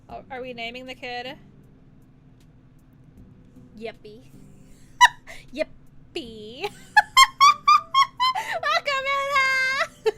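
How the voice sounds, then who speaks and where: A young woman streaming casually, giggling, bursting into loud laughter and swearing freely. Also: high voice, a little hiss or hum. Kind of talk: casual livestream chat. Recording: music playing under the voice. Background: background music playlist.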